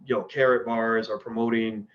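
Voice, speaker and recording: Here a man with a fairly low pitch and flat delivery speaks at normal speed over lo-fi audio. Hosting a casual livestream, he answers viewers bluntly and opinionatedly, rambling and often starting sentences over.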